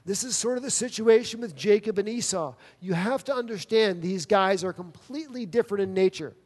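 A man's voice: high-pitched, brisk, a little mellow, husky. A man preaching a sermon, telling a personal story in a conversational way with quoted dialogue. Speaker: pastor. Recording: long reverb of a large hall.

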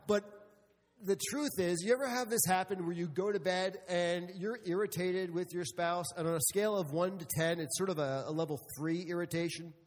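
A man's voice: high voice, fairly quick, long reverb tail. A middle-aged man preaching a sermon to a congregation, telling stories with humor and speaking to the room. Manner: storytelling with humor, addressing the congregation. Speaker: pastor.

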